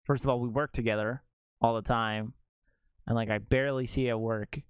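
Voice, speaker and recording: Rambling young male streamer, smooth voice. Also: medium pitch, brisk, no room sound, lo-fi sound. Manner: rambling, animated, heavy use of "like". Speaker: game streamer. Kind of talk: casual storytelling chat to stream viewers.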